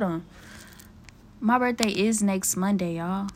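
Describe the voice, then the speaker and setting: A young woman with a mid-range voice vents on her own podcast at a normal speed, slight background noise behind her. She is candid, profane and emotionally raw with her listeners, clearly hurt and nearly crying.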